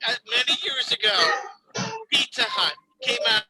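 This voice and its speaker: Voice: medium pitch, very animated, measured pace, poor audio. A member of a club meeting, chatting on a video call and telling jokes with many restarts. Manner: joke-telling, restarts a lot. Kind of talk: casual video-call chat. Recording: video-call audio with loud music behind. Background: music playing.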